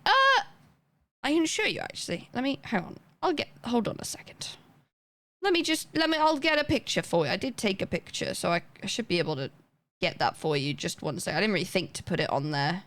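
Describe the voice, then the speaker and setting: A woman's voice: mid-range voice, sing-song, a little fast, fairly bright tone. A young woman livestreaming, chatting casually and rambling as she reads chat aloud and thanks viewers.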